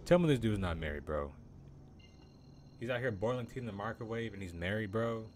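A man's voice: lowish voice, expressive, a little fast, slight background noise. A young man ranting casually on a game live stream, incredulous and profane, calling everyone "bro".

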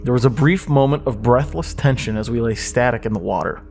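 A man narrating a horror story in a measured, suspenseful way. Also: medium pitch, vocal fry, darkish tone, soft background music. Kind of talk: scripted creepypasta narration.

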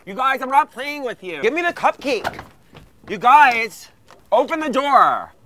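A man's voice: high voice, big pitch swings, normal speed, a bit bright, slight background noise. A man playing a bratty valley-girl teen. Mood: panicked. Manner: valley-girl talk, constant "like", gossipy. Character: bratty teenage girl baker, petty and dramatic. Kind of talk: mockumentary comedy monologue.

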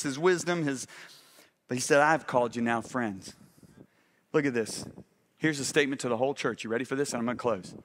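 Middle-aged male preacher, slightly high-pitched, animated sermon delivery with constant questions to the congregation. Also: a little hiss or hum.

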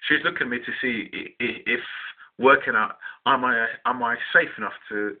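Husky London man telling a blunt story. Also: mid-range voice, a little fast. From West London. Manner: blunt and profane, talks in restarts. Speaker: vlogger telling a personal story. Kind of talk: casual storytelling. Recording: tinny phone-like sound.

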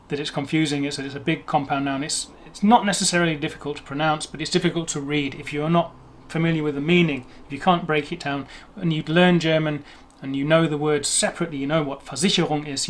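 A young man with a somewhat high voice talks through pronunciation in a relaxed, self-mocking way. He slows down to carefully sound out the tricky words before chatting on. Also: a little hiss or hum. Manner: chatty, self-deprecating, demonstrates words slowly. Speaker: language video host. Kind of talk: casual explanatory talk on pronunciation.

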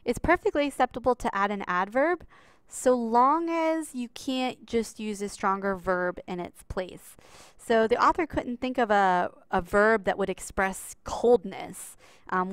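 A woman walks her students through a writing lesson in a bright, chatty teacher's voice. Her tone is smooth and clear, and it sits in an ordinary middle pitch. The recording is dry and close, with no room sound. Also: unhurried, no room sound. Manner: chatty, upbeat, addresses students as lovelies.

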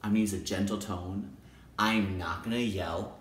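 A male kindergarten teacher talking straight to camera in a casual, animated way, repeating his points for emphasis. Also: sits low, moderate pace. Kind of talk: casual direct-to-camera talk. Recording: roomy echo.

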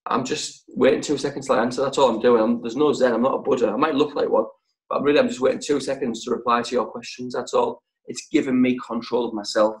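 A man's voice: medium pitch, steady tone, poor audio. Emphatic man coaching sales. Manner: emphatic, punchy short phrases with deliberate pauses. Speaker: sales trainer. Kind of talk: motivational training talk.

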